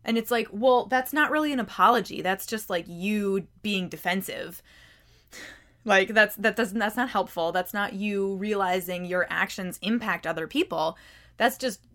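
A woman hosting a self-help podcast, her voice sitting mid-pitch for a woman. She talks in a loose, conversational way, often repeating words as she goes. She presses her points with pointed rhetorical questions. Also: measured pace, fairly bright tone. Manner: emphatic, challenging rhetorical questions; conversational, frequent word repeats. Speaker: podcast host.

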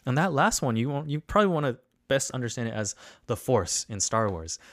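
A man's voice: medium pitch, big pitch swings, a little fast, no echo, studio quality. A man preaching an earnest sermon with repeated questions and rising emphasis, speaking to listeners remotely. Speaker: pastor. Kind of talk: online sermon.

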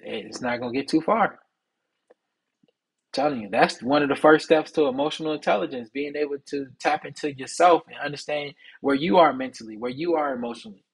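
A young man hosts a solo podcast, speaking casually but preachily about men's mental health in streetwise slang. His husky voice is medium in pitch, and the recording is rough.

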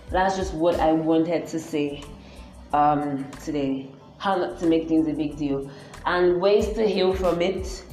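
Nigerian woman vlogger, low-ish voice, emphatic and scolding, roomy echo with soft music under it. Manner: emphatic, repetitive, blunt and scolding. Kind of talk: personal advice rant to camera. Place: public place with people around.

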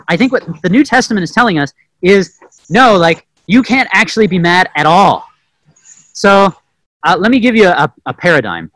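Animated man preaching casually, bright dry voice. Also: high-pitched, dry recording, low-quality recording. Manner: conversational, animated, often asks "right?"; dramatic acted-out quotes with sudden loud bursts. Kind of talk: informal sermon teaching.

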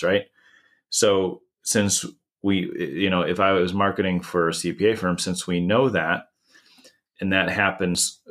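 Deep voiced guy on a podcast, explaining stuff, lots of restarts. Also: a bit bright. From United States. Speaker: marketing consultant.

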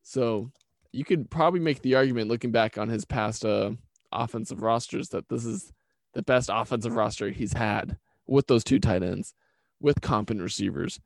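A man's voice: medium pitch, moderate pace, gravelly, dry recording. A man co-hosting a casual sports podcast, talking bluntly and with strong opinions. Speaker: podcast co-host.

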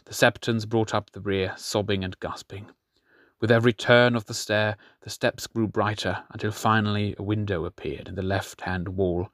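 Man reading an audiobook, steady and measured, low voice, dry close sound. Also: no room sound. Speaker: narrator. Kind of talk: audiobook narration.

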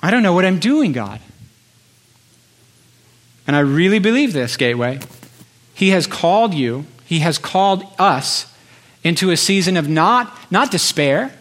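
An impassioned male pastor delivering a sermon. His voice sits fairly high, and he builds his points through repeated phrases broken by pauses. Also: big pitch swings, fairly bright tone. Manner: impassioned, rhetorical repetition with pauses.

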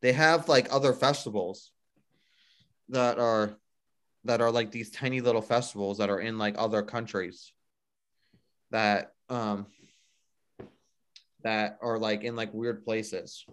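A man's voice: fairly low pitch, fairly even intonation, slow pace, pauses often, clean tone. A man co-hosting a casual music news chat, rambling and filling with "like" a lot. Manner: rambling, heavy use of "like". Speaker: podcast co-host.

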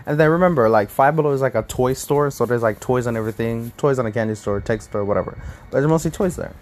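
A young man casually telling a story to his viewers, animated, laughing often and restarting his sentences. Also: mid-range voice, fast. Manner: animated, laughing, self-correcting. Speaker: vlogger.

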